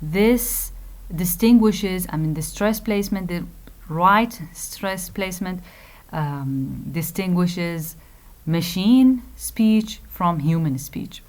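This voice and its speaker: A woman gives a recorded university phonetics lecture in a fairly low voice. She explains things slowly and carefully, fills pauses with "uh" and "um", repeats key phrases, and drops into Arabic asides to clarify. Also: darkish tone.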